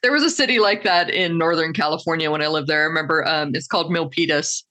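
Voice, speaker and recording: A woman's voice: deep voice, quick pace, bright, forceful tone. A woman hosting a podcast in casual chat, telling stories with animation and laughing often. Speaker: podcast host.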